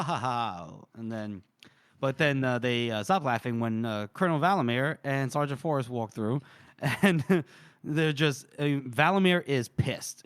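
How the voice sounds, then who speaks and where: A podcast co-host with a mid-range, fairly bright voice sounds clear and resonant in a dry, clean studio recording. In a casual book discussion, he animatedly retells a story, acting out the characters' lines and laughing often.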